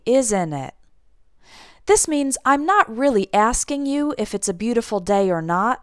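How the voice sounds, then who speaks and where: A woman teaching an English lesson, speaking clearly and deliberately as she explains and models example phrases. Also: mid-range voice, no room sound, clean studio sound. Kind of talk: scripted language lesson.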